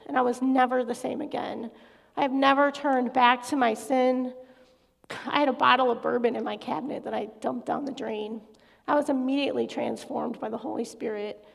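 A woman's voice: sits high, creaky. A middle-aged woman giving an earnest, confessional personal faith testimony as a guest speaker in a large hall. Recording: echoey hall reverb.

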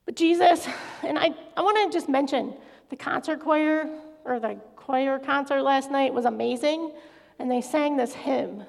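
Middle-aged lady sharing her testimony, confessional and earnest, lots of vocal fry, big reverb-y hall. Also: high-pitched, measured pace, a little mellow. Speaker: guest speaker. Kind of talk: personal faith testimony.

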